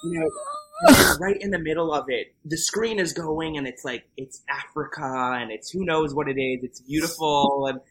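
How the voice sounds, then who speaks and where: Bright-voiced animated podcast guest. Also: male voice, normal speed, a little hiss or hum, rough recording. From Montreal, Canada. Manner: animated, camp, jumps into high quoting voices. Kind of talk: casual comedic chat.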